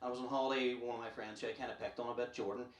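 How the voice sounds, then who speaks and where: A young Northern Irish man performs a brash, profane stand-up set in a comedy club, rattling through stories at speed. His medium-pitched voice has a flat delivery, and the distant mic catches a roomy, noisy club.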